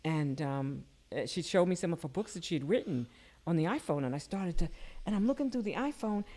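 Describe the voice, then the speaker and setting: An older woman telling personal stories in casual conversation, her voice jumping up whenever she quotes someone. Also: brisk. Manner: animated, jumps high when quoting people. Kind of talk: casual storytelling.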